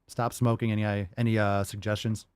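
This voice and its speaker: Low-voiced guy answering viewer questions on a livestream, swears a lot, dry mic. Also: little pitch movement, brisk, darkish tone, clean tone, no room sound. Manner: profane, rambling storyteller. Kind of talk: casual livestream Q&A.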